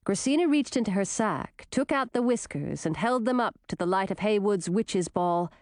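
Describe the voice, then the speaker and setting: A woman narrating a fantasy storybook in a clear, steady reading voice. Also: medium pitch, moderate pace, no echo, clean studio sound. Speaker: audiobook narrator.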